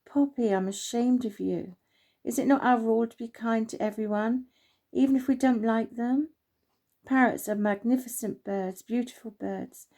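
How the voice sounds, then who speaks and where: A woman voicing a kind, wise old male oak tree who speaks warmly but firmly, in a storybook reading. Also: a little high, moderate pace, close to an everyday voice. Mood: scolding. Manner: warm but firm.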